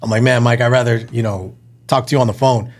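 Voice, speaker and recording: A man's voice: medium pitch, quick pace. A man in his thirties, a restaurant owner, chatting casually as a podcast guest and acting out little phone conversations. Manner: relaxed, acts out little phone conversations in quotes. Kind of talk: casual chat.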